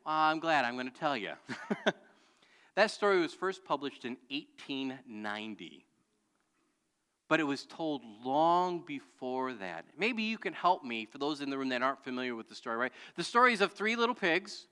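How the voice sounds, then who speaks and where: A man's voice: fairly high pitch, big pitch swings, moderate pace, pushed and bright, clear, resonant tone, long reverb tail. A man preaching a sermon as pastor, telling a story and calling out to the congregation for answers. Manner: storytelling with audience call-and-response. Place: church sanctuary.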